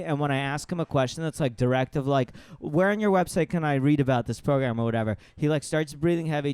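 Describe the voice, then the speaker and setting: A man's voice: on the high side, a little mellow, slight background noise. A man guest in a podcast studio, telling a story in a casual, rambling way and acting out the people in it. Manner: rambling, laughing, acts out the people in his stories.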